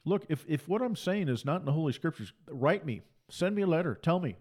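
Fiery preacher, high-pitched. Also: male voice, expressive, a little fast, a little mellow. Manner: emphatic, repeats phrases for force. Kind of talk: fiery sermon.

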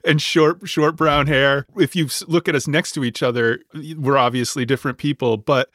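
A man hosting a podcast, chatting casually in a friendly, animated way. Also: medium pitch, moderate pace, dry recording, clean studio sound. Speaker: podcast host. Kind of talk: casual chat.

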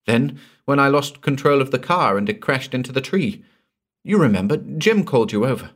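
A man voices a frightened young married woman, giving her a strained, anxious sound. He pitches it above his own voice yet keeps it close to everyday speech, mid-range with lively intonation at a normal speed.

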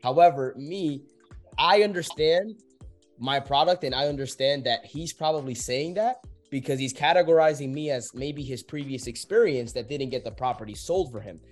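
A man's voice: medium pitch, normal speed, soft background music. A young man, a real estate agent, talking casually and acting out both sides of sales calls, swearing freely. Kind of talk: casual podcast talk, explaining sales calls.

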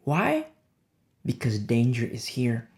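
A man preaching a sermon as pastor, swinging between low, hushed lines and sharp, high exclamations. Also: expressive, normal speed.

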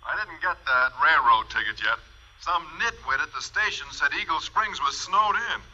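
A man's voice: fairly high pitch, animated, moderate pace, pushed and bright. An actor in a 1950s radio sitcom playing a mild, polite male schoolteacher. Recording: dull old radio broadcast with hiss.

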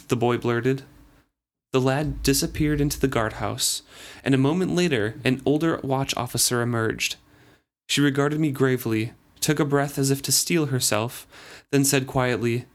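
A man co-hosting a book discussion, recapping chapters and reading passages aloud in a relaxed, conversational way. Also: medium pitch, normal speed. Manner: recaps and reads passages in first person. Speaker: book podcast co-host.

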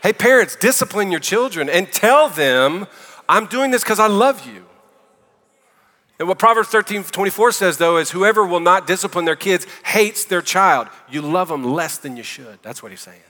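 A man with a Southern US accent preaches a sermon. His voice is bright and forceful, a bit higher than most men's. Long hall reverb trails each phrase, as in a large sanctuary. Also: animated, normal speed. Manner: conversational with joking asides. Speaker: pastor.

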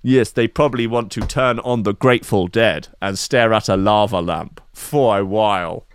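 A man hosting a radio show, trading mocking quips over odd news stories. His voice sits low, and the studio sound is dry and close, with no room around it. He talks in a wry, teasing way. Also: normal speed, smooth, dry recording. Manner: wry, mocking, giggly asides. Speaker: radio host. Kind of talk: comic news chat.

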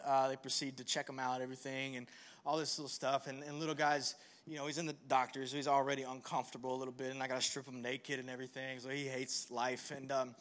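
A man's voice: mid-range voice, a bit bright. A young man preaching a conversational sermon, telling a story with self-deprecating humor before turning earnest and reassuring. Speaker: pastor.

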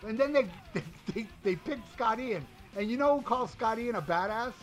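A man with a high, bright voice talks casually on a podcast. He rants and mocks with plenty of profanity. Faint music plays under him. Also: lively intonation, brisk, few pauses. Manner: profane, ranting, mocking. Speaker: podcast co-host reviewing an album. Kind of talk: casual chat.

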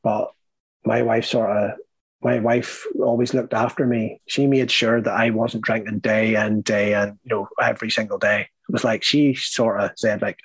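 Husky Northern Irish man, low voice. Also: flat delivery, moderate pace, dry recording, poor audio. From Northern Ireland. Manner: rambling, frequent fillers and restarts, blunt swearing. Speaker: guest sharing his life story. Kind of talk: candid conversational storytelling.

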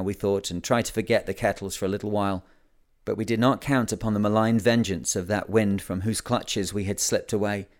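A man narrating a sea adventure memoir as an audiobook reader, steady and measured. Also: fairly low pitch. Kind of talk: scripted narration.

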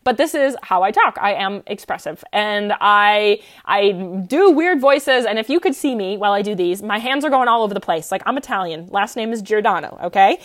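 A woman's voice: mid-range voice, normal speed, few pauses. A young woman hosting her own podcast, talking casually and very expressively with lots of fillers. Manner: expressive, animated, many fillers. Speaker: podcast host. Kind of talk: casual solo podcast talk.

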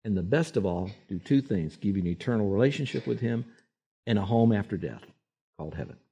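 A man preaching a sermon, animated and acting out voices when he quotes people. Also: lowish voice, brisk, slightly rough. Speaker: pastor.

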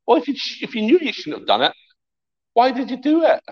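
A middle-aged pastor preaches in a lively, conversational way, performing the voices of the people in his stories. His voice is very high and brisk, and the audio sounds dull.

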